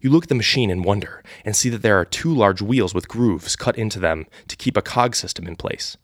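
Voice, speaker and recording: A man's voice: lowish voice, expressive, a little fast, no echo, studio quality. A man casually reading an AI-written adventure story live for the first time, laughing at it along the way. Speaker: storyteller and host.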